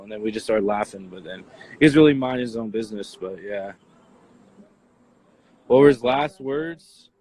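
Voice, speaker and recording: A young adult man answering interview questions as an eyewitness, in a halting casual way with many fillers and restarts. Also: medium pitch, darkish tone, low-quality recording.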